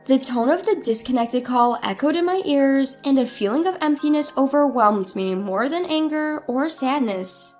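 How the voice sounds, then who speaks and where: A woman's voice: sits high, animated, normal speed, few pauses, soft background music. A woman telling a first-person story in earnest, dramatic scripted narration.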